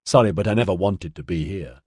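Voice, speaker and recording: A man's voice: low voice, fairly quick, darkish tone, breathy edge, no echo, clean studio sound, voice pushed down. A man reading an audiobook, voicing a blunt, frustrated young man. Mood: pleading. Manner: blunt, exasperated.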